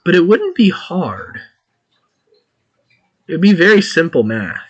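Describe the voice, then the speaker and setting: Male streamer, lively up-and-down delivery, excitable, thinks aloud as he plays. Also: high voice, a little slow, slightly rough, muffled recording. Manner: chatty, excitable, thinking aloud while playing. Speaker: gaming streamer. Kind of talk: casual game-stream chatter.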